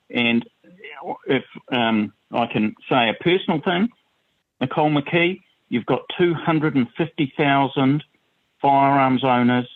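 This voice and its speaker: A man from New Zealand giving opinionated political commentary on a talk radio show, calling in by phone and stressing his words emphatically. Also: medium pitch. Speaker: guest commentator. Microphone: phone call. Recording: tinny phone line.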